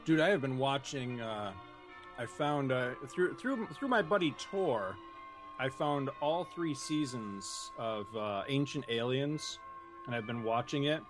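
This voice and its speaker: A man's voice: mid-range voice, expressive, unhurried, music in the background. A man co-hosting a casual podcast, rambling with lots of fillers and restarts and laughing easily. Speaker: podcast co-host.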